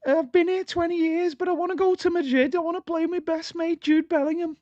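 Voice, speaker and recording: A man doing a squeaky Scouse footballer. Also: fairly even intonation, fairly quick, darkish tone, dry recording. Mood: boastful. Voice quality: squeaky chipmunk-like. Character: young male footballer impression, high squeaky Scouse. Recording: dull lo-fi, dry sound.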